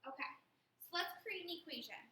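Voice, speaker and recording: A woman walks through a math lesson step by step, patient and methodical. Her voice sits high and sounds very bright. The room around her gives an echoey ring. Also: lively intonation, fairly quick. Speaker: math teacher. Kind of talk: recorded classroom lesson.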